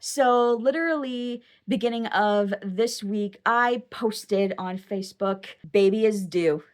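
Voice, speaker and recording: Young woman chatting to her camera, excitable and rambly, mid-pitched voice. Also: takes it slowly. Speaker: vlogger. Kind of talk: casual personal storytelling to camera.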